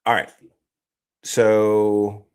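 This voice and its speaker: A man's voice: lowish voice, completely flat delivery, extremely slow, darkish tone, clean tone. A man hosting a live stream, explaining things in a loose, casual way with many fillers and restarts. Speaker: host.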